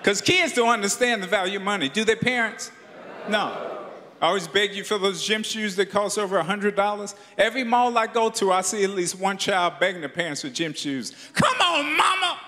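A man's voice: high voice, fairly quick, pushed and bright. A man telling a stand-up story, slipping into voices for the people in it. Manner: storytelling, acting out dialogue in voices. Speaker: stand-up comedian. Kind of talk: stand-up routine. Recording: live stage with long reverb and noise.

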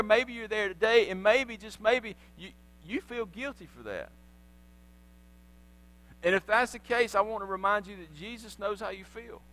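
A man preaches in church, retelling the story with energy and slipping into the voices of its people. His voice sits high and rings bright. A faint electrical hum runs under the recording. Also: normal speed, poor audio. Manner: animated storytelling, acting out voices of biblical figures. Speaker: pastor. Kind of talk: sermon. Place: church sanctuary.

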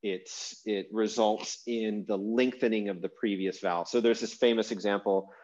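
Man teaching online, low voice, relaxed and rambling, dull lo-fi call audio. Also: normal speed. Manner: relaxed, rambling with fillers and restarts. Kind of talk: casual lecture over video call. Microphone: video call.

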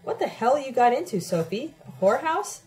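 A woman's voice: mid-range voice, big pitch swings, fairly quick, darkish tone, lightly acted. Woman reading as a touchy young man. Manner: hostile, then contrite. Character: young man, defensive then admiring radical friend.

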